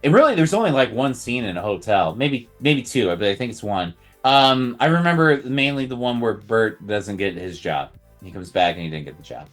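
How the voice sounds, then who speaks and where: A man co-hosting a podcast in casual chat, halting with many uhs and restarts. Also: mid-range voice, sing-song, soft background music. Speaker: podcast co-host.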